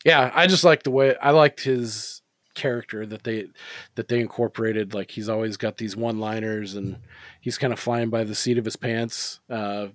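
A man's voice: fairly low pitch, steady tone, moderate pace, no echo, clean studio sound. A man co-hosting a podcast in casual chat. He rambles, swears freely and uses many fillers. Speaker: podcast co-host.

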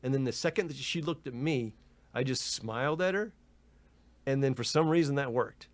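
A man's voice: mid-range voice, moderate pace. A man in a casual podcast chat, telling a story with laughs, swearing and lots of "you know" and "dude". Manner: animated, laughing, acts out others' lines in raised voices. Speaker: guest storyteller.

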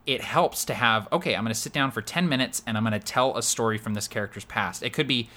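A man's voice: mid-range voice, fast, bright, forceful tone. A man co-hosting a podcast, explaining voice-acting tips in a chatty, filler-heavy way. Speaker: podcast co-host. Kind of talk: casual chat.

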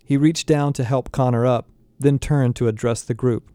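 A man narrating a first-person novel aloud in a steady reading voice. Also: medium pitch, normal speed, hardly any pauses, smooth, no echo. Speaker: audiobook narrator.

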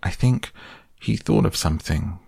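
Man voicing a gentle bear, slow, musing, deep husky tone, storybook. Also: animated, no room sound, studio quality, exaggerated voice. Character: gentle, simple-minded male bear. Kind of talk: storybook reading.

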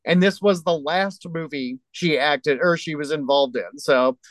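A man's voice: on the high side, a little slow, no echo, low-quality recording. A man co-hosting a podcast, chatting easily about a movie and reading facts aloud from online. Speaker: podcast co-host. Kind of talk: casual movie-review chat.

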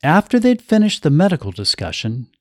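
A man reading a story aloud in a measured, expressive way. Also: on the high side, dry recording, clean studio sound. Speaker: narrator.

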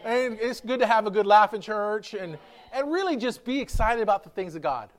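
High-voiced playful male pastor. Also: animated, a little fast. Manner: chatty, playful storyteller who acts out quotes. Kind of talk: casual, humorous sermon. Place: church service.

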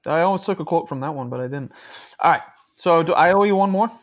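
Excitable higher-voiced podcast co-host man. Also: quick pace. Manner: excitable, joking, playful. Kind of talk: casual chat.

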